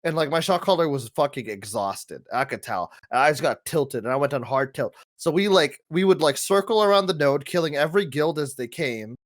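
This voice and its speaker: A young man co-hosting a podcast, chatting casually about games, excitable and swearing freely. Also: a little high, fairly quick, hardly any pauses. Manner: excitable, swears a lot, laughs often. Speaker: podcast co-host. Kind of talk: casual gaming chat.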